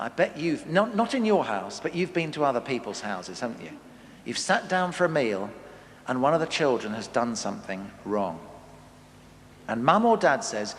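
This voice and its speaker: A middle-aged man giving a humorous family talk to a live audience, acting out scolding parents. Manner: animated, acts out scolding parents with big pitch jumps. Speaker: conference speaker. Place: large hall. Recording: long reverb of a big hall.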